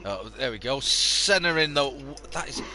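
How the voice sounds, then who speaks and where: A man's voice: medium pitch, lively intonation, normal speed, pushed and bright, a little hiss or hum. A man giving live casual race commentary, teasing and swearing in banter.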